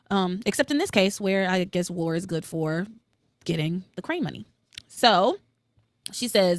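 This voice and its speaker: A woman recaps soap opera episodes on her solo podcast, opinionated and quick to swear. Her pitch swings all over the place as she gets worked up. The sound is dry and close. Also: no room sound. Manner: animated and opinionated, swears freely, quotes characters with jumps in pitch.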